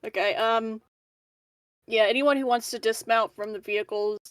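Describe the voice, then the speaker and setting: A woman's voice: a little high, fairly even intonation, moderate pace, dry recording. A woman running a tabletop game as game master, giggling through her narration and swearing casually.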